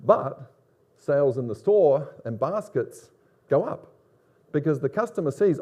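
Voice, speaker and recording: A middle-aged man with a Long Island accent giving a lively, conversational conference presentation and putting questions to the audience. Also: a little high, unhurried. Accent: Long Island New York. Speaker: conference speaker, business academic.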